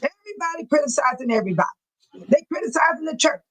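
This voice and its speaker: A woman's voice: sits high, animated, fast talker, fairly bright tone, poor audio. Emotional woman livestream host. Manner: emotional, reads viewer comments aloud, preachy. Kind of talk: casual livestream chat.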